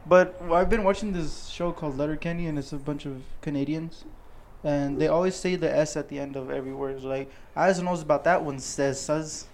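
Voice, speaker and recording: A young man with a slightly higher voice co-hosts a casual podcast. He talks in an animated, slangy way and laughs a lot. He sounds like he is just hanging out with friends. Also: brisk, few pauses. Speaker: podcast co-host. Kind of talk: casual chat.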